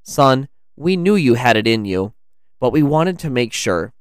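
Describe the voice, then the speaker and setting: Man voicing a gentle father, calm and fond, storybook role. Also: mid-range voice, unhurried, clean tone, dry recording, clean studio sound. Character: gentle, proud middle-aged father.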